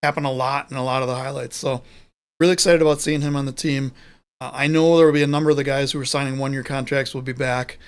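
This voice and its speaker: A man's voice: mid-range voice, fairly even intonation, quick pace, clear, resonant tone. A man co-hosting a live sports show, talking casually and rambling, often correcting himself mid-sentence. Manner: rambling, self-correcting, chatty. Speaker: podcast co-host.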